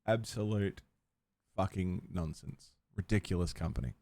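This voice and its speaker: A man's voice: low-pitched, expressive, normal speed, warm tone, no room sound. A man streaming a video game live, chatting and ranting in tangents and swearing freely at a home setup. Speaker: gaming livestreamer. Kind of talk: casual livestream commentary.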